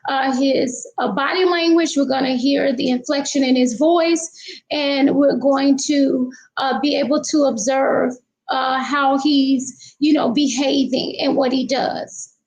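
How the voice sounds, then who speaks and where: A woman commentating on a true crime case in a casual, halting way, with many fillers. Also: high-pitched, fairly even intonation, darkish tone, poor audio.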